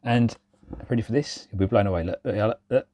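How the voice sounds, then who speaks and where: A man in his forties talks casually to his viewers in a mellow, darker voice, teasing himself and wandering between thoughts with plenty of ums. The sound is dry and close, with little room around it. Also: lowish voice, a little fast, dry recording. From England. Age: 40s. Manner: rambling, self-mocking, many fillers. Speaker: railway vlogger. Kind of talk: casual chat to camera.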